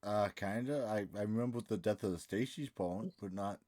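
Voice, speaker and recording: A man's voice: fairly low pitch, moderate pace, darkish tone, no room sound, clean studio sound. A man co-hosting a podcast who chips in with laid-back, wry asides. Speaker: podcast co-host. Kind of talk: casual chat.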